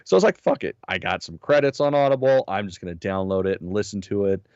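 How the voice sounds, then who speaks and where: Deep-ish guy co-hosting a podcast, swears a lot, bit hoarse, muffled dry audio. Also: fast talker, dry recording. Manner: profane, animated storytelling. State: slightly hoarse. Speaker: podcast co-host. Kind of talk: casual chat.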